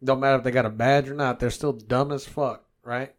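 A man's voice: mid-range voice, brisk. A man, co-hosting a podcast and telling stories in casual, profane chat. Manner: animated storytelling, swears a lot.

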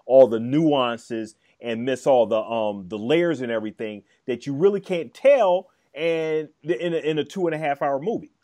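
A man's voice: mid-range voice, normal speed, hardly any pauses, mellow. A man co-hosting a podcast in casual chat, talking hesitantly with many fillers and restarts. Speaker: podcast co-host.

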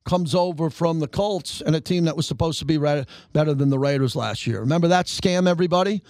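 A middle-aged man hosts a call-in sports radio show with a high voice that leaps even higher when he gets fired up. He rants at his listeners from a dry, close studio microphone. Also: brisk, no room sound. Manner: animated, ranting, pitch shooting up when worked up.

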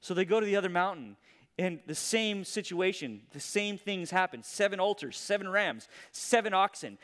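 Male pastor, sermon storytelling, high voice, animated, dramatic loud-to-hushed delivery. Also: normal speed, in a large hall.

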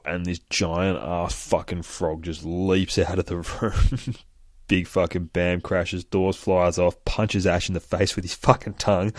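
Man, very low voice, dry close sound, swears a lot, excited comic recap. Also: unhurried, no echo. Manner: profane, excitable, laughs often. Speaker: comic book reviewer. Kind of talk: casual retelling of a comic.

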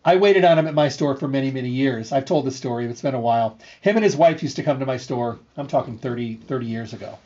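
A middle-aged man hosting a health show, telling a story in an earnest, repetitive way with lively energy. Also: mid-range voice, fast, hardly any pauses. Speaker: radio show host and health food store owner. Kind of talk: casual storytelling monologue. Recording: slightly dull, lo-fi sound.

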